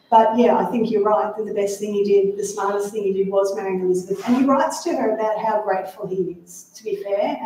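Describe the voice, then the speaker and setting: A woman author speaking to a library audience, lively and chatty with wry asides, recorded from far off in an echoey room. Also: medium pitch, a little hiss or hum. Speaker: author giving a library talk. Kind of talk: talk and audience Q&A.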